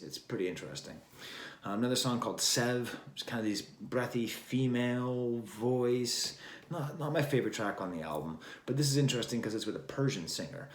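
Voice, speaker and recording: A man hosting a casual album review, talking in a rambling, wry way and drifting between thoughts with plenty of fillers. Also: on the low side. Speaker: record review host. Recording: roomy echo.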